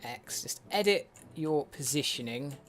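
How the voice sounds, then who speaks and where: A man's voice: fairly high pitch, lively intonation, unhurried, fairly bright tone. A man giving casual game commentary as a let's play host, muttering to himself with wry, sweary asides. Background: faint in-game music.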